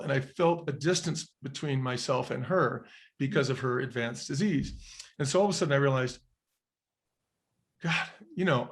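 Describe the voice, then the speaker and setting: A middle-aged man, a guest on a podcast, telling a personal story in an earnest, reflective way and acting out the quotes. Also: medium pitch. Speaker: interview guest, former restaurant chain executive.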